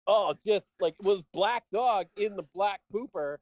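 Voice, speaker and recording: A man's voice: high voice, measured pace, a little mellow, highs cut off. A man, a podcast co-host, telling a long, rambling story in casual chat and laughing as he goes. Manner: rambling anecdote, laughing often.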